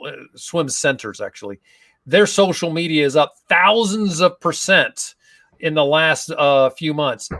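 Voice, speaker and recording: An enthusiastic man with a fairly high voice tells stories as a guest in a relaxed video-call interview. His voice sounds dry and close, with no room around it. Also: dry recording. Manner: enthusiastic, storytelling. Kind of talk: casual interview chat.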